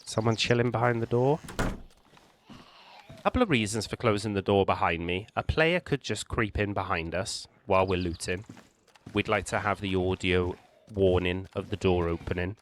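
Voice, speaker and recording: A man hosting a gaming channel, calmly talking the viewer through a survival game, explaining tactics with small restarts. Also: low voice, normal speed, slight background noise. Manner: calm, explanatory, hedging with restarts. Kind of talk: gameplay walkthrough commentary.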